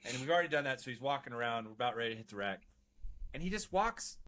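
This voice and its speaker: A man's voice: mid-range voice, expressive, fast talker, a bit bright. A man, a Marine veteran guest on a podcast, telling stories in casual chat, swearing freely, laughing along and restarting his words often.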